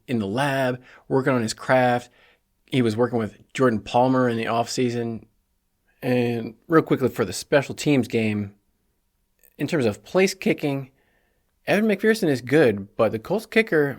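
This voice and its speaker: A man hosting a solo sports preview podcast, talking casually and chattily with joking asides. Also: mid-range voice. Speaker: podcast host.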